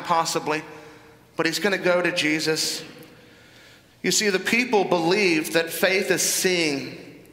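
A man's voice: fairly high pitch, bright, forceful tone. A man with a Southern US accent preaching a sermon as pastor, emphatic and full of rhetorical questions to the congregation. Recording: echoey hall reverb.

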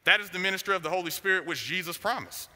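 A man's voice: high-pitched, fast talker, pushed and bright. A man preaching a sermon, driving his points home with short, repeated declarations. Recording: long hall reverb.

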